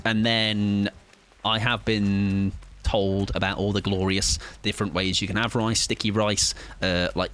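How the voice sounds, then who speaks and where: A man's voice: fairly low pitch, fairly bright tone. A young English man chatting casually with his viewers while playing a game on a livestream. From England. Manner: chatty, jokey, reads chat aloud while playing. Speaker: streamer. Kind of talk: casual gaming livestream chat.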